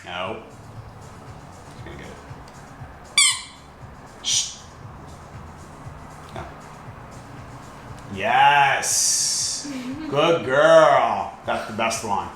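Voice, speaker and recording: A man working as a dog trainer, giving calm commands and quick praise, shushing as he explains each step of the demonstration. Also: lowish voice, soft background music. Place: indoor building with an elevator. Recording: echoey room with steady background noise.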